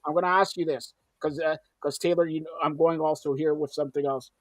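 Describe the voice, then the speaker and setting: A man's voice: a little high, fairly even intonation, brisk, no room sound. A male host interviewing two guests in a casual, teasing way, often talking over them.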